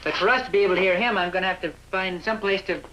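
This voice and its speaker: An actress in a 1960s sitcom playing a matter-of-fact radio operator. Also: female voice, mid-range voice, rapid-fire, a bit bright, a little hiss or hum, close to an everyday voice, poor audio.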